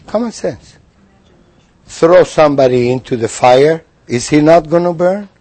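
Man, high voice, religious teacher asking questions in a spiritual lesson. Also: animated, a little slow, darkish tone. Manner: questioning, acts out figures in quoted voices.

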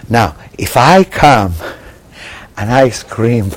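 A man teaching a Torah lesson to a live class. He quizzes his listeners with rhetorical questions and swings between loud emphasis and hushed asides. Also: fairly low pitch, normal speed, rough recording. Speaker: religious teacher.

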